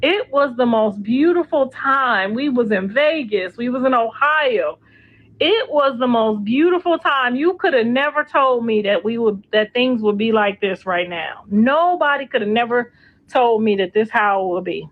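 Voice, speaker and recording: Brief: middle-aged woman, gossip stream host, sassy and cursing, higher pitch, muffled lo-fi audio. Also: lively intonation, unhurried. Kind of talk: casual gossip livestream.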